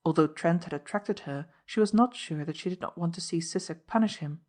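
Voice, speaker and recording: A woman narrates an audiobook with a steady, measured delivery. Her voice sits somewhat low for a woman. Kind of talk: scripted narration.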